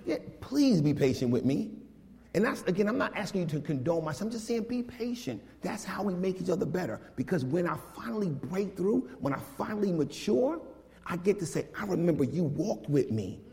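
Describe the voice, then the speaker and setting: A man delivers a sermon in an animated, conversational way, slipping into slang. His voice sits a little high. It rings with the long reverb of a church sanctuary. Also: brisk, vocal fry. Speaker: pastor. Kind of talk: casual, lively sermon.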